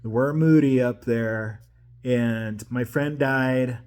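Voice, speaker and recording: A man's voice: medium pitch, steady tone, slow, darkish tone, smooth. Emotional, rambling middle-aged man. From Pacific Northwest. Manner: emotional, rambling, with restarts and repeated phrases. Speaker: vlogger. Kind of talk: personal monologue to camera.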